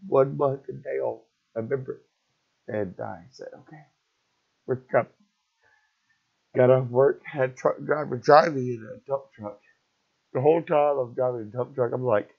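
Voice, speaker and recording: Middle-aged man, husky and raw, telling a painful story in fits and starts; muffled lo-fi recording. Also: medium pitch. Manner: halting, repetitive, raw. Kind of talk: emotional personal story. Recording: dull lo-fi recording.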